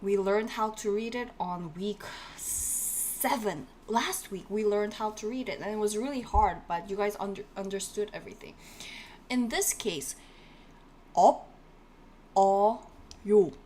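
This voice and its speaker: A woman runs a live-streamed language class, drilling each word again and again. She talks animatedly and chats with her viewers. A faint hiss sits under her voice. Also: medium pitch. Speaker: Korean language teacher.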